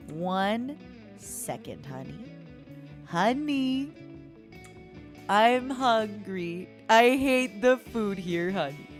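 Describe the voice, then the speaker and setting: A woman streamer talks in an unhurried, drawn-out way, teasing her viewers and calling them honey. She lurches from loud mock-dramatic bursts to low, soft murmurs. Faint music plays behind her. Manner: swings between loud outbursts and soft murmurs. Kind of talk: playful solo stream chat.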